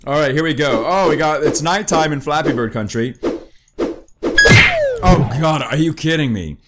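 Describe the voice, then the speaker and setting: The recording is very noisy as this young gaming YouTuber, voice on the high side and at normal speed, jokes through commentary while downing wasabi. Excitable yelps and groans come out, his eyes watering and his voice strained.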